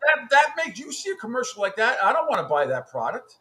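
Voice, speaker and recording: A man's voice: very high voice, huge pitch swings, a little fast, sharp tone. Blunt, cursing male radio host. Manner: blunt, profane, restarts often. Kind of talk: casual radio chat.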